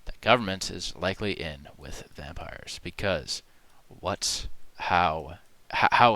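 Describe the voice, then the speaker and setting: A man with a very low but bright, ringing voice hosts a parody commentary. He rambles and hesitates through mock-serious conspiracy talk, full of fillers and asides, keeping a deadpan tone. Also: unhurried, few pauses, dry recording. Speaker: video host.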